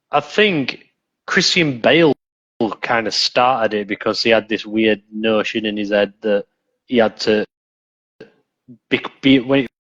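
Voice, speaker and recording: A man's voice: medium pitch, a bit bright, lo-fi sound. A man chatting casually as a podcast guest, rambling and often restarting his sentences. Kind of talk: casual chat.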